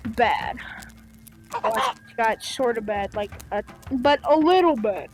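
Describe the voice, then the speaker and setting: A woman's voice: high voice, lively intonation, measured pace. A young woman hosting a gaming channel, chatting to viewers in a rambling, playful way with many fillers. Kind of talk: casual chat to viewers.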